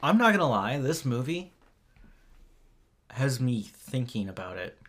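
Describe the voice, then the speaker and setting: A podcast co-host chatting casually, retelling plots in a relaxed, rambling way. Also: medium pitch, a little slow. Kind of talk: casual chat.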